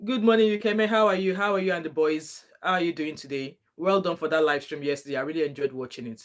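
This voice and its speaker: A woman's voice: sits low, quick pace. A woman giving opinionated, chatty commentary on a clip as a reaction vlogger. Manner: opinionated, chatty, greets viewers. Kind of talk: casual commentary on a played clip.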